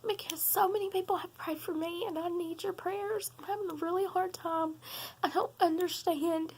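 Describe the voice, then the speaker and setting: A young woman, talking in an earnest, halting vlog while tearful and sobbing, with many pauses and ums. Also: very high-pitched, steady tone, darkish tone, slight background noise. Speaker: vlogger. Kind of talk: personal confessional vlog.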